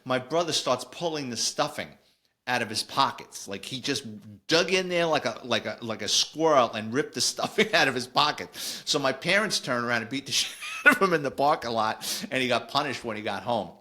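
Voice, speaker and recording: A middle-aged man, telling a casual, animated story on a podcast with lots of digressions. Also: mid-range voice, fairly quick. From New York. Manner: animated, digressive, acts out quoted voices. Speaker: podcast host, former police officer.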